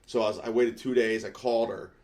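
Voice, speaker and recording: A male comedian, a podcast guest, telling a story in an animated way, acting out the other people's voices and swearing freely. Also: mid-range voice, fast.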